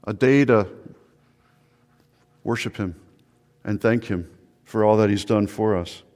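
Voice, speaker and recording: A man's voice: on the low side, a little slow, a little mellow. A male pastor preaching an earnest sermon, often repeating words and asking the listeners questions. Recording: long hall reverb.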